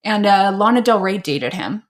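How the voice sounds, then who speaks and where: A woman's voice: medium pitch, lively intonation, moderate pace. A young woman co-hosting a podcast, explaining things casually and teasing, laughing often. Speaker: podcast co-host. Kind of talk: casual comedic chat.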